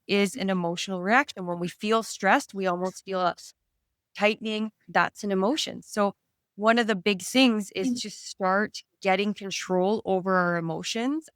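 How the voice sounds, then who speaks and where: A woman's voice: medium pitch, fairly bright tone, smooth, no room sound, studio quality. A woman from Canada, a stress and anxiety coach, talking earnestly in an interview and explaining with everyday examples. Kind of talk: conversational interview.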